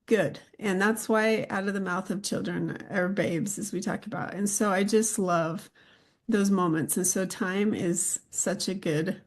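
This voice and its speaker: A woman's voice: mid-range voice, measured pace. Middle-aged woman host, easygoing anecdotes. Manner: relaxed, rambling anecdotes with laughs. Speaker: podcast host. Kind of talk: casual chat.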